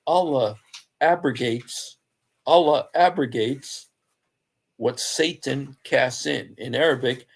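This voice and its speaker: A man with a mid-pitched, gravelly voice talks through scripture in an easy, conversational way. He tells it as a story and slips into the voices of the people he quotes. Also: slow pace. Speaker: Christian apologist speaker. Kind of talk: informal talk on scripture.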